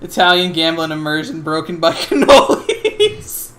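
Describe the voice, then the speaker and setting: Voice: mid-range voice, expressive, measured pace, a bit bright, a little hiss or hum. Mestre de jogo, voz viva, entonação variada, narração casual e desbocada, RPG de mesa. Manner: loose, profane, laughing asides. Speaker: game master. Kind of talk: narrating a tabletop game podcast.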